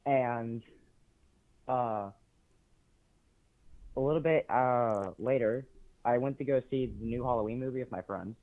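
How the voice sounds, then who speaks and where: A teenage male caller telling a story with many pauses and fillers. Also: medium pitch. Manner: hesitant, many ums and uhs. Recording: tinny phone line.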